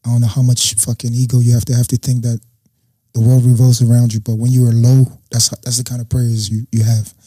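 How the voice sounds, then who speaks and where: A man's voice: mid-range voice, fairly quick, breathy edge, no room sound. A young man, a guest, telling a personal story in casual talk and acting out what people said. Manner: animated storyteller acting out quotes.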